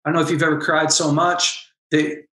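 Earnest bright-voiced man, echoey room. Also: on the high side, level tone. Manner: earnest, emotional storytelling with quick bursts. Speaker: podcast guest, former pastor. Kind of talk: candid podcast conversation.

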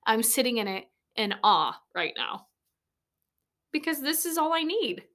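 A woman's voice: a little high, sing-song, a little slow, a bit bright. A woman in her late twenties hosting a casual solo podcast, blunt and rambling, swearing often and laughing easily, recorded on a studio mic in a small converted shed. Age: late 20s. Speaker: podcast host. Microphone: studio microphone.

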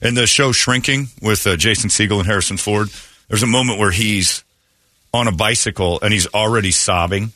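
A man hosting a morning radio show, telling stories in animated, joking banter with his co-hosts. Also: on the low side, fairly quick, no room sound, clean studio sound. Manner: animated storytelling, frequent laughter. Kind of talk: casual banter.

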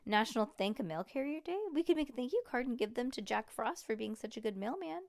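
A woman voicing a spunky schoolgirl who bosses her little brother, in a read-aloud storybook, in a bright, matter-of-fact way. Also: fairly high pitch, lively intonation, quick pace. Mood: eager. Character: spunky schoolgirl, bossy big sister.

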